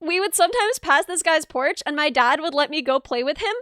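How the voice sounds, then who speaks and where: A woman's voice: high-pitched, a little fast, dry recording, clean studio sound. A woman streamer chatting casually on a home mic, telling childhood stories with lots of giggles. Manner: giggly, animated storytelling. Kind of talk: casual chat.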